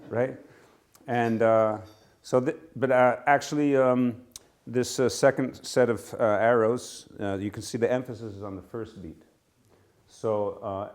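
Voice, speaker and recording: Casting: man, informal class leader, slow and unhurried, easygoing and self-correcting. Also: mid-range voice. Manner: relaxed, halting, self-correcting, chuckles at himself. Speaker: music teacher leading a class. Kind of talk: informal live class instruction. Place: temple room with a live group.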